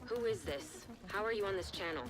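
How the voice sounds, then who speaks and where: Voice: mid-range voice, a little fast, over music, close to an everyday voice. A game actor voicing a stern mission handler who gives curt, commanding orders. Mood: briefing.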